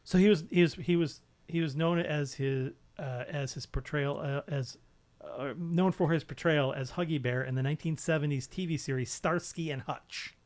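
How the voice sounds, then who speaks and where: A man's voice: on the high side, moderate pace. Joking, rambling male co-host. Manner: rambling, joking, stumbles over words. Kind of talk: casual chat. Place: home.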